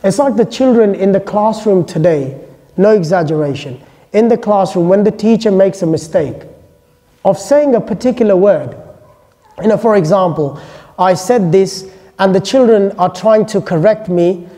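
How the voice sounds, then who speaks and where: This man, an Islamic lecturer and native English speaker, jokes his way through a relaxed classroom lecture with chatty, informal asides. He speaks at a normal pace in a high-pitched, dark voice, and the recording carries long hall reverb.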